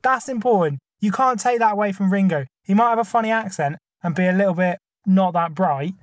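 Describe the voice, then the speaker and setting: A man's voice: sits high, brisk, no room sound, clean studio sound. Chatty man arguing his points. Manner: enthusiastic, argues point by point with many fillers. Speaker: podcast co-host. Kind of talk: casual chat.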